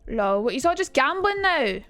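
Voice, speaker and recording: A young woman with a Scottish accent, speaking on a casual livestream. She talks in a chatty, rambling, jokey way, in a fairly high voice. The sound is dry and close to the mic, with faint music playing behind her. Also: big pitch swings, moderate pace, a bit bright, no echo. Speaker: streamer.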